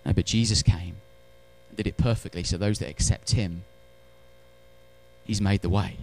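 A man preaching a sermon in church, animated, swinging between loud emphatic lines and hushed ones, with wry humorous asides. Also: low-pitched, moderate pace, a little hiss or hum. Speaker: pastor.

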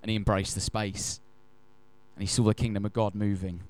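A man preaching a sermon. He tells stories in an animated, emphatic way and slows down to stress key phrases. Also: on the low side. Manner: animated, emphatic storyteller who acts out quotes. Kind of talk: sermon with storytelling.

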